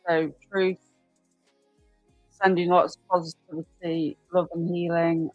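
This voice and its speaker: Woman rambling on her livestream, reacting to chat, lowish voice, faint background music. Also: little pitch movement, slow, long pauses, dry recording, lo-fi sound. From United Kingdom. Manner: chatty, reacts aloud to viewer comments. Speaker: livestream host.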